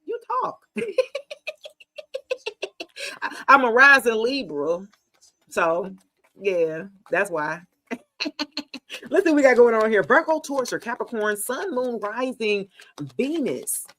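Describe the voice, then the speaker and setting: A woman, giving a casual live tarot reading in a chatty, animated, slangy way, talking straight to her viewers. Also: a little high, slow, pauses often. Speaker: tarot reader.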